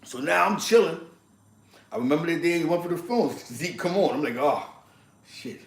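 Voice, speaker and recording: In an echoey room, a man from East Harlem, New York, with a slightly high, gravelly voice tells stories at a normal speed. His New York accent comes through as he talks in a casual, slangy, animated way, often breaking into laughter.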